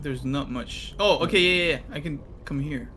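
Excitable young man with a bright voice. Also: fairly high pitch, moderate pace, slight background noise. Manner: excitable, yelps and shouts in panic. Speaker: co-op guest player. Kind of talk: casual gaming chat.

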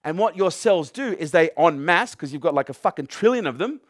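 A man's voice: fairly high pitch, expressive, brisk, no echo, studio quality. A middle-aged man giving a motivational talk to a live audience. He talks emphatically, swears freely and throws questions at the crowd. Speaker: motivational speaker.

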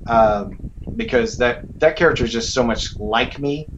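A man's voice: medium pitch, normal speed, lo-fi sound, a little hiss or hum. A man, a voice actor being interviewed, talking casually with lots of fillers and restarts. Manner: relaxed, rambling, with many fillers. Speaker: voice actor guest. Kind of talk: casual interview over a call.

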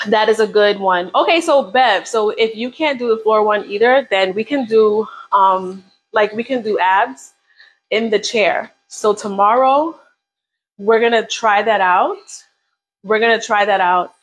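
A woman's voice: medium pitch, unhurried, poor audio. A woman leading a live beginner workout, coaching casually and encouragingly while counting down reps. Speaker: fitness instructor.

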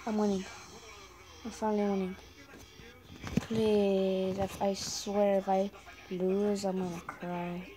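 A woman's voice: mid-range voice, level tone, slow, long pauses, over music, low-quality recording. A young woman giving casual running commentary on a video game, chatting to viewers and often apologizing to them. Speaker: gaming channel host.

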